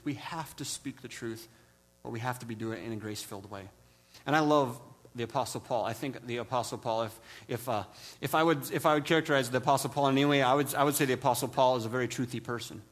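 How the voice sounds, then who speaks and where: A man preaching a sermon, from the Midwest, telling humorous stories with frequent restarts. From American Midwest. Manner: storytelling, self-deprecating humor, many restarts; mimics others with high put-on voices. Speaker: pastor.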